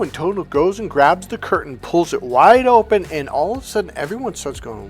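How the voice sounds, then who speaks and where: A man's voice: high-pitched, big pitch swings, brisk, few pauses, soft background music. A man giving a motivational vlog monologue as a coach, blunt, profane and emphatic. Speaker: relationship coach.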